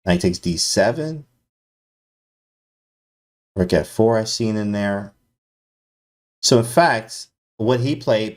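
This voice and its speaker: Slangy male chess streamer, hyped, talks to chat, lowish voice. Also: a little mellow. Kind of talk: live-stream chess commentary.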